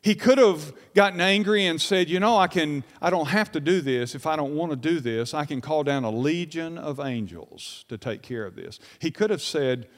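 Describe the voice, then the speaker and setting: A middle-aged male pastor preaching a sermon, rising to emphatic peaks, dropping to hushed lows, and putting rhetorical questions to the congregation. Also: expressive, moderate pace, hardly any pauses. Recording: reverberant church hall.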